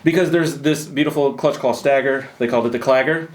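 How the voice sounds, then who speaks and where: A man with a medium-pitched voice and a fairly quick pace hosts a casual chat about a video game. He rambles and jokes at his own expense, with a self-deprecating, bantering manner.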